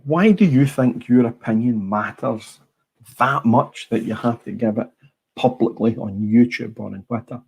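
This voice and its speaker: A man's voice: mid-range voice, moderate pace, vocal fry, darkish tone, husky. A middle-aged Scottish man hosting a casual livestream, blunt and rambling, swearing freely. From Scotland. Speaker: livestream host. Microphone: small clip-on mic.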